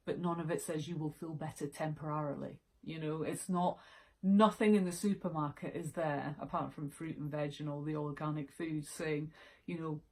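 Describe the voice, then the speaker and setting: A woman's voice: fairly low pitch, rough recording. A woman giving a casual, reflective self-development vlog talk, full of fillers and restarts. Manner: conversational, many fillers and restarts.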